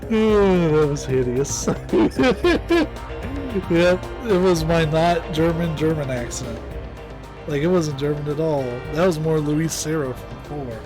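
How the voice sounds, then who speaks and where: A man's voice: fairly high pitch, animated, takes it slowly, over music. Self-mocking male game streamer. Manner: casual, self-mocking, laughing. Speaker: gaming streamer. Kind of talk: live game commentary.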